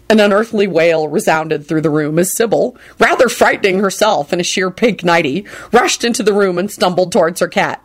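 A woman's voice: on the low side, brisk, hardly any pauses. A woman reading a story aloud, narrating between character voices. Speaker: reader. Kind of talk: reading fan fiction aloud.

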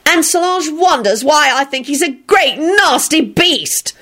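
Snappy disapproving young woman, high voice, as a woman reads her. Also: animated, a little slow, exaggerated voice. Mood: scolding. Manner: sharp and scolding.

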